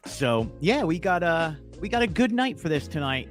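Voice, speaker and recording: A man co-hosting a podcast in casual chat, animated and chatty with frequent fillers. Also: a little high, normal speed, faint music behind. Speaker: podcast co-host.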